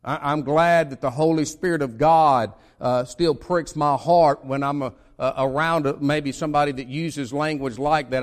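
A man's voice: fairly high pitch, fairly even intonation, normal speed, few pauses. A man from the United States preaching a sermon, emphatic, with many repeated starts and dramatic swings in delivery.

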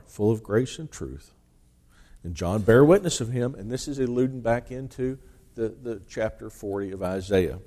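A man's voice: lowish voice, lively intonation, measured pace, dark tone. A man preaching a sermon, reading scripture aloud with rising emphasis and explaining it in plain talk with restarts.

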